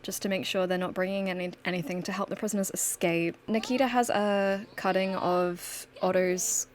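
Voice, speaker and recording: A woman's voice: mid-range voice, fairly even intonation, normal speed. A woman hosting a gaming channel, chatting casually and storytelling through her gameplay. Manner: chatty, storytelling, laughs often.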